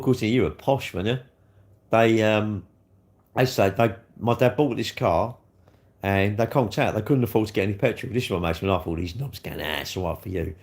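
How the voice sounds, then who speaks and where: Chatty middle-aged streamer, low voice. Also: male voice, darkish tone. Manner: chatty, rambling, swears freely, reads and answers viewer comments. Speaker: livestreamer. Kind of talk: casual live-stream chat.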